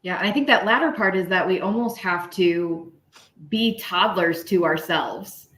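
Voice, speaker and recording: A woman's voice: lowish voice, normal speed, fairly bright tone, roomy sound, slight background noise. A woman co-host in a casual chat, talking reflectively.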